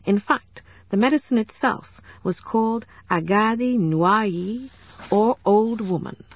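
A woman narrating a novel as an audiobook, in a measured, steady storytelling manner, in a dull lo-fi recording. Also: mid-range voice.

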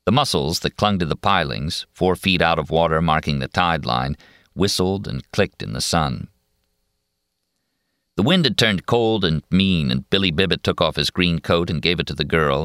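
A man narrating a novel in a steady, measured storytelling voice. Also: low voice, clear, resonant tone, no echo, clean studio sound. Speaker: audiobook narrator. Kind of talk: scripted narration.

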